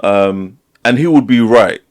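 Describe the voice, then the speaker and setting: A man's voice: lowish voice, measured pace. A man co-hosting a casual podcast, rambling and restarting his thoughts often. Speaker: podcast co-host. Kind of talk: casual chat.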